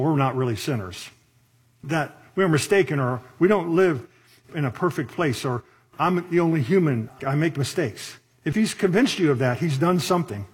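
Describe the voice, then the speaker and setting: A man's voice: on the high side, husky. A middle-aged man pastor preaching a sermon in a conversational way, with asides and rhetorical questions.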